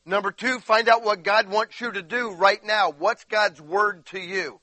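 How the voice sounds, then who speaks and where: A high-voiced man preaches with a bright, tense edge. He is emphatic and moves from quiet asides to shouting and crying peaks while speaking through bodily pain. The sound is dry and close, with little room echo. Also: normal speed, hardly any pauses. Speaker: pastor. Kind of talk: sermon.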